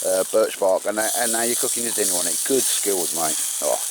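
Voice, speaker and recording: Chatty man outdoors, low voice. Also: brisk. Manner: chatty, encouraging, calls everyone mate and sir. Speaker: bushcraft vlogger and host. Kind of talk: casual outdoor chat. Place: in the woods outdoors. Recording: outdoor recording with background noise.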